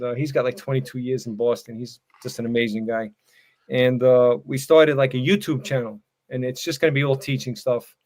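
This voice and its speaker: A man in his sixties, a retired fire battalion chief, giving tips and stories in a casual podcast interview, rambling easily and leaning on "you know" and "man". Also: medium pitch.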